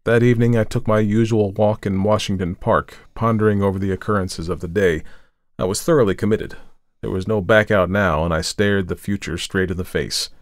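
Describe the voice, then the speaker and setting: A man with a low, deep voice reads a story aloud in a measured, dramatic way. The sound is dry and close, with no room echo at all. It has the steady feel of a careful audiobook narration.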